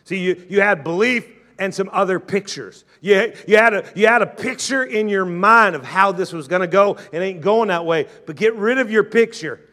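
A man preaches a fervent sermon in a high, bright voice. He calls on his listeners to say lines back to him. He plays their doubts in a lower tone before answering them. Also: normal speed, few pauses. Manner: acts out doubters' objections in a lower, quieter voice. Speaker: pastor.

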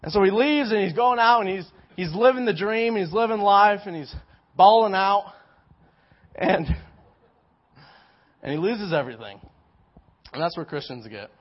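High-voiced young man preaching casually. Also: moderate pace, long pauses. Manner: animated, storytelling, many restarts. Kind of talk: casual sermon with personal story. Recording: dull lo-fi recording.

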